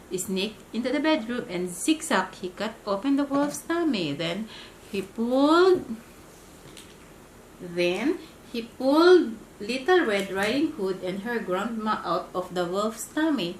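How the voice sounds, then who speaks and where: A woman reading a bedtime story aloud in an expressive, animated way. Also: mid-range voice, slow pace, echoey room, slight background noise, rough recording.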